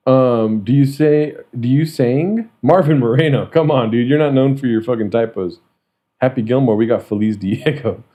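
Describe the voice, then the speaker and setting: A man's voice: mid-range voice, moderate pace, dark tone. A young man hosting a podcast, chatting casually, joking, laughing a lot and swearing freely. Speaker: podcast host. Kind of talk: casual chat.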